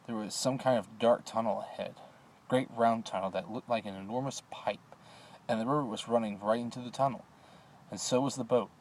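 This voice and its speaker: A man's voice: medium pitch, fairly even intonation, fairly quick, slight background noise. A man recording a class assignment on a phone, hesitant with many filler sounds, then reading a story aloud. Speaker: student.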